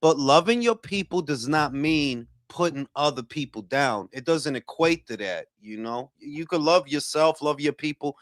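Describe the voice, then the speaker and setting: A man who hosts a boxing talk livestream, chatting casually and profanely and giving shout-outs to his chat. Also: on the high side, expressive, normal speed, hardly any pauses, no echo, studio quality. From Dominican heritage. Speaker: boxing talk show host.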